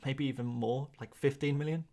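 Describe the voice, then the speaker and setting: A man hosting a fantasy football livestream works through viewer comments in a casual, talkative way. His voice is medium-pitched and warm with fairly even intonation, and his chatty rambling is full of quick asides and laughs.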